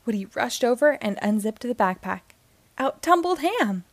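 A woman reading a children's picture book aloud in a gentle, measured storytelling manner, close to the mic. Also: on the high side, big pitch swings, no echo.

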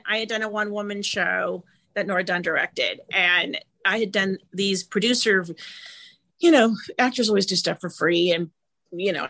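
Animated middle-aged woman telling stories. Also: medium pitch, vocal fry. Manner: animated, quick storytelling with lively vocal swings. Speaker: guest actress. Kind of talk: casual interview storytelling.

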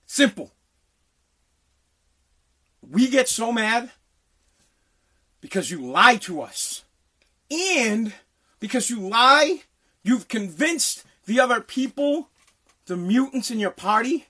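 A man ranting angrily, swearing constantly and often breaking into shouts. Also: very high voice, lively intonation, slow pace, long pauses. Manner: profane, heated, often shouting. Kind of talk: angry political rant.

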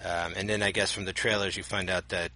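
A man's voice: sits low, little pitch movement, a little fast, bright, forceful tone, dry recording, poor audio. A man co-hosting a podcast in casual chat, rambling and restarting as he speculates eagerly. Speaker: podcast co-host.

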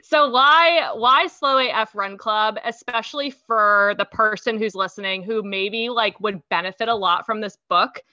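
Bright-voiced woman podcast host. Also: medium pitch, unhurried, hardly any pauses, no room sound, lo-fi sound. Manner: chatty, with frequent ums and restarts. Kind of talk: casual interview chat.

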